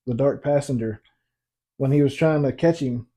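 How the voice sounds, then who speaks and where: A man's voice: mid-range voice, normal speed, warm tone. A man chatting casually as co-host, laid-back with dry humor. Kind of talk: casual chat.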